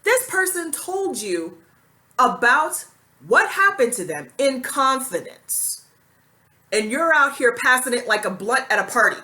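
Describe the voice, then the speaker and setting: A woman's voice: high voice, very animated, a little slow, pushed and bright. A woman talking straight to camera in a commentary vlog, blunt and indignant, with plenty of casual slang. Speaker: commentary vlogger.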